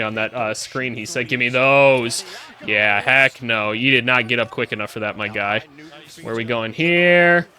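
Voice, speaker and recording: A man walks his viewers through basketball film in a loose, chatty way. His voice is bright and forward and sits a little high for a man. He swings from quiet asides to loud, excited calls whenever a play lands. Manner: animated, excitable, talks to viewers as y'all and my guy. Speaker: former college basketball coach reviewing film. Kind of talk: casual film breakdown commentary.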